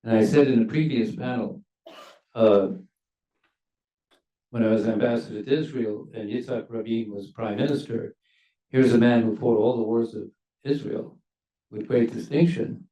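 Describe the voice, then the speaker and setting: An older man, a former ambassador, speaking on a university panel in a measured, emphatic way that leans on key words. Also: mid-range voice, mellow, dull audio. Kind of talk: panel discussion remarks. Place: university lecture hall. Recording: echoey hall, mic at a distance.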